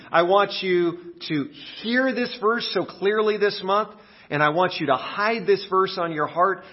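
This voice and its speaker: A man preaching a sermon while getting over a cold, his voice sitting a little high. He tells his story with big acted-out exclamations. The recording is dull and lo-fi. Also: breathy edge. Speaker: pastor.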